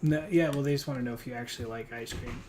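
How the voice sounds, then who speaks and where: A man's voice: mid-range voice, fairly even intonation, fast talker, background noise. A man streaming a hunting game, chatting casually and teasing a friend with lots of fillers. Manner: rambling and teasing, with frequent fillers. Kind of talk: casual gaming stream chat.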